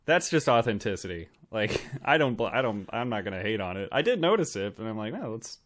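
A man's voice: fairly low pitch, sing-song, a little fast, a bit bright. A man co-hosting a podcast in casual chat, joking, rambling and laughing often. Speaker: podcast co-host.

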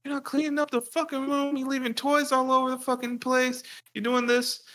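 A man acting out his angry father scolding and threatening him as a small boy, profane and yelling. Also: very high-pitched, monotone, brisk, pitched above the performer's own voice. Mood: furious. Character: furious strict father scolding his young son.

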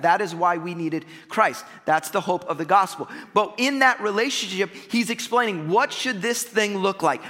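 A man preaching a sermon as pastor, energetic and conversational, talking straight to the congregation. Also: high voice, in a large hall.

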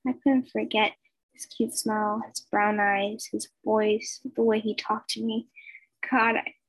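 A young woman, probably a teenager, reads a fan story aloud from her bedroom, her medium-pitched voice slightly rough. She sounds casual and hesitant, stumbling and using fillers. The audio is rough, captured on a laptop during a video call at home.

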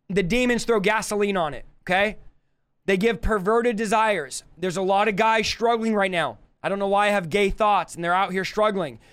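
A man's voice: high-pitched, fairly bright tone, smooth. A male preacher giving a live teaching, emphatic and repetitive as he urges listeners.

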